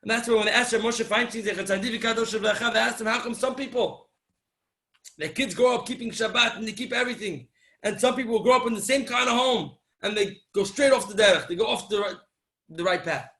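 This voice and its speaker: A man delivers a sermon as a story, playing out each character's lines and swinging from loud to hushed. His voice sits high for a man, with a bright, forceful edge. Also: fairly quick. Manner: animated storyteller acting out dialogue, swings between loud and soft. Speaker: rabbi giving a Torah talk.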